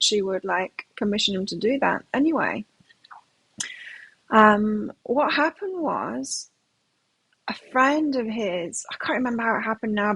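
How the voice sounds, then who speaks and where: A middle-aged woman reads tarot live, chatting and rambling, circling back and restarting her sentences as she goes. Her medium-pitched voice is slightly husky and a bit bright, recorded dry and close with no echo but poor audio quality.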